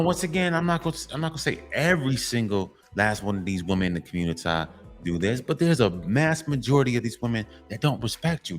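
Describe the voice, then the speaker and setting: A man hosting his own commentary channel, giving a blunt, profane monologue to men and repeating his points for emphasis. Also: medium pitch. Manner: emphatic and repetitive, lecturing.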